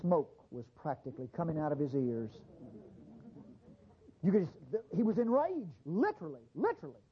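A man's voice: fairly high pitch, big pitch swings, moderate pace, lo-fi sound. A male preacher delivering an emphatic, fervent sermon to his congregation.

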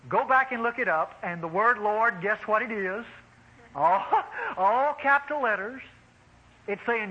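A man preaching a sermon, animated and exclaiming, addressing the congregation as beloved. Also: high voice, normal speed, breathy edge, dull audio.

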